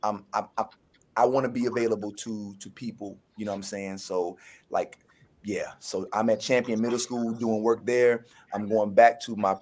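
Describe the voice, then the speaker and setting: Guy getting interviewed, gets all excited and keeps repeating himself, really heartfelt. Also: on the low side, moderate pace. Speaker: guest actor. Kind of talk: casual interview.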